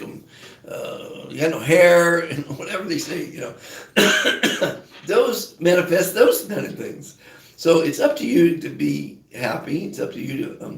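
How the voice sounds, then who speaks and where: A man's voice: fairly high pitch, gravelly, roomy sound, distant mic. A man hosting a podcast as a life coach, giving a rambling, upbeat motivational monologue. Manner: rambling, upbeat, self-help preaching.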